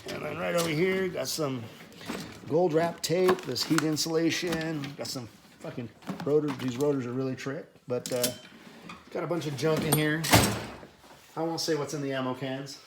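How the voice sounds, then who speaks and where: A man's voice: a little high, moderate pace, heavy background noise. A man who runs a car repair shop, showing his workshop in a profane, rambling, casual way. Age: adult with children. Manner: profane, ranting, casual bro talk. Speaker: auto mechanic and shop owner. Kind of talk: unscripted workshop tour.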